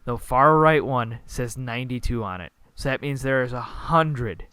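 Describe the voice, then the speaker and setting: A man's voice: medium pitch, moderate pace, bright, forceful tone, clean tone. A young man co-hosting a casual gaming podcast on a group call, talking enthusiastically and emphatically, rambling a bit. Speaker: podcast co-host.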